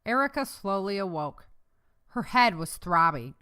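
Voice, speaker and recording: A woman narrating a novel chapter aloud as an audiobook narrator, telling the story in a steady way. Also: medium pitch, unhurried, clean tone. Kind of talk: scripted narration.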